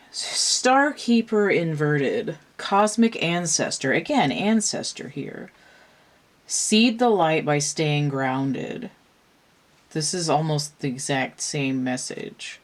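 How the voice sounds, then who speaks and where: A weary tarot reader works through a card spread at an unhurried, drawn-out pace. The voice sits at a middling pitch and muses aloud, circling back and restarting thoughts as they go. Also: lively intonation. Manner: slow, musing, thinks aloud with restarts. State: tired from pain. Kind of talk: casual tarot card reading.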